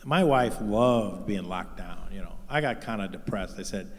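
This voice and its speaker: Lively, crude male stand-up comic. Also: fairly low pitch, moderate pace. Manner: crude, profane, mocking punchlines. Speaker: stand-up comedian. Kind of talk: stand-up comedy set. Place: large comedy venue with live audience. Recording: live stage mix with hall reverb.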